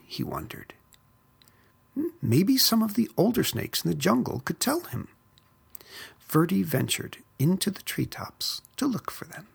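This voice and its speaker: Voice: mid-range voice, gravelly, husky. A narrator reading a children's picture book aloud. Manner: expressive, unhurried. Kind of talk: storybook read-aloud.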